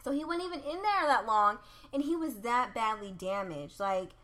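A woman's voice: on the high side, lively intonation, normal speed, fairly bright tone. A woman co-hosting a casual podcast chat, talking loosely and swearing freely. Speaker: podcast co-host.

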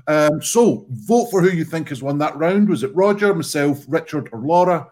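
A man hosting a casual online comedy show, relaxed and joking as he wraps up a round. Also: a little high, moderate pace, slight background noise. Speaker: show host. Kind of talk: casual live-stream chat.

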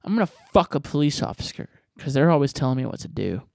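A man's voice: medium pitch, very animated, quick pace, vocal fry, a little mellow, no echo, clean studio sound. A man hosting a podcast, answering voicemails in a rambling, profane, jokey way. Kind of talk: casual podcast chat.

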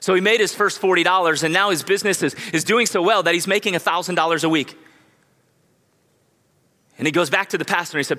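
A man pastor preaching a conversational sermon, with lively acted-out quotes. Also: high voice, fast talker, long pauses, long reverb tail. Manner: energetic, conversational, acts out quotes. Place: church sanctuary.

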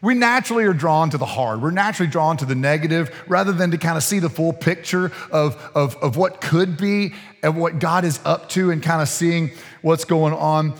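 A man's voice: a little high, big-room sound. A man preaching as pastor, in a casual, folksy way full of restarts, chuckles and asides to the congregation. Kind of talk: sermon. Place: church sanctuary.

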